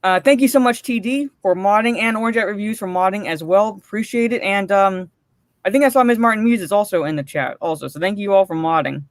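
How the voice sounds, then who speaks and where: A woman's voice: mid-range voice, a little fast, dry recording, studio quality. A woman co-hosting a live stream, ranting and cursing, then greeting viewers in the chat one by one.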